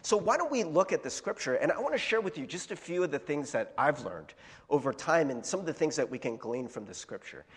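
A man's voice: a little high, big pitch swings, a little fast, a bit bright, breathy edge, big-room sound. A male pastor preaching a sermon, telling candid stories with self-deprecating laughs and casual fillers.

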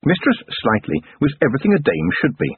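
Husky man narrating a novel. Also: a little high, quick pace, no room sound. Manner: expressive, wry storytelling. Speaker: audiobook narrator. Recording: narrow phone-like band, dry.

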